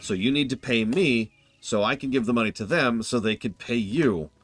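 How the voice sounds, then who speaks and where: A man's voice: mid-range voice, normal speed, fairly bright tone, soft background music. A man streaming a narrative game, breaking off into rambling, exasperated casual asides.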